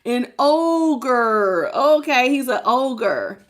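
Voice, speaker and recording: Woman doing a live tarot reading, kinda high bright voice, laughs a lot and says hi to everyone in chat. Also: very slow, few pauses. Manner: animated, laughs often, greets viewers by name. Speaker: tarot reader.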